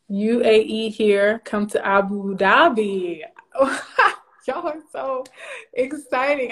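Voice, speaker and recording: A woman from Louisiana, hosting a casual live stream. She is bubbly, laughs often and greets viewers by name. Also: fairly high pitch. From Louisiana, USA.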